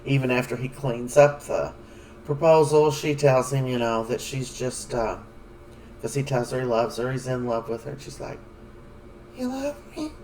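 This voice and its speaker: A man's voice: medium pitch, little pitch movement, moderate pace, a little mellow, distant mic, slight background noise, rough recording. A man giving a casual, rambling recap of a soap episode, full of fillers. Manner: rambling, chatty, many fillers. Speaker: soap opera recap vlogger.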